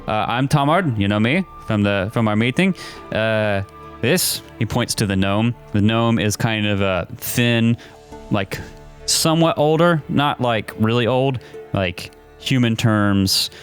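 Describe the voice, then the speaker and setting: Low-voiced man running a tabletop game. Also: measured pace, soft background music. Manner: relaxed, rambling with many fillers. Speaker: game master.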